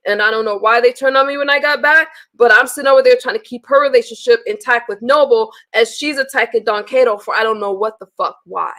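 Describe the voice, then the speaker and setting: A woman with a somewhat high voice, talking straight to her live-stream viewers. She is blunt and exasperated, swearing freely as she vents and reads messages aloud. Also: fast talker, hardly any pauses, a bit bright. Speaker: livestreamer.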